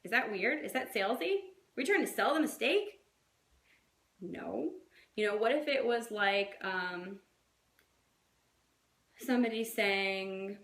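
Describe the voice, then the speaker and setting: Woman, fitness coach, casual chatty talk, higher voice, roomy echo. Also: lively intonation, takes it slowly, pauses often, a bit bright. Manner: chatty, many fillers and acted-out quotes.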